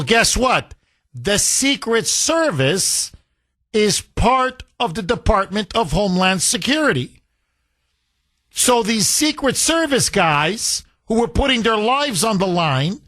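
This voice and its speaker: Animated high-voiced talk radio host. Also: male voice. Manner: animated, indignant, repeats phone number.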